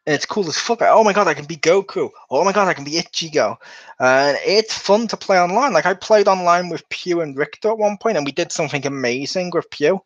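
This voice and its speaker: A man chatting casually on a podcast, telling lively stories and acting out other people's voices. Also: a little high, a little fast, no echo. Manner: animated storyteller who acts out quotes in different voices. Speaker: podcast co-host. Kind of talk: casual chat. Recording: dull, lo-fi sound.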